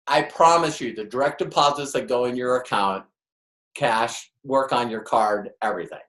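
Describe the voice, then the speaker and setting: Speaking at normal speed in a mid-range, slightly bright voice, a man delivers motivational network marketing training to people in the room. He stresses points emphatically, asks rhetorical questions, and voices the people he quotes; the audio has a roomy echo.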